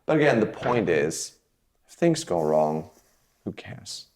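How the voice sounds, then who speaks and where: A magician in casual conversation, rambling and dropping in quick "yeah, yeah" replies. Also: male voice, low-pitched, very animated, a little mellow. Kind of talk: casual chat.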